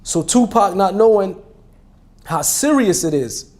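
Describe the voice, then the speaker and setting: A man's voice: high-pitched, lively intonation, measured pace, darkish tone. A man in his forties from New Jersey with a New Jersey accent tells his life story in casual street slang, often repeating and restarting phrases. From New Jersey, USA. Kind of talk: conversational testimony.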